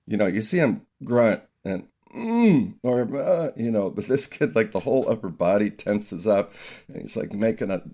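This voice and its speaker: A middle-aged man hosts a casual podcast chat with a slightly low voice and a gravelly edge. He tells stories in an animated way and laughs often as he talks. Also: normal speed, muffled recording. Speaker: podcast host, early childhood music teacher.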